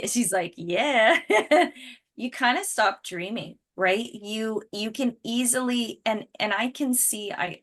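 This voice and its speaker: A woman's voice: mid-range voice, a bit bright. Woman, 30s, team leader. Chatty motivational talk, laughs a lot, restarts sentences.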